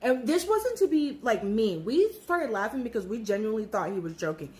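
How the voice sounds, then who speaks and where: Animated woman in her thirties telling a story. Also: on the high side, fairly quick. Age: 30s. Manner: animated, acts out quoted voices, swears freely. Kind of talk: casual storytelling.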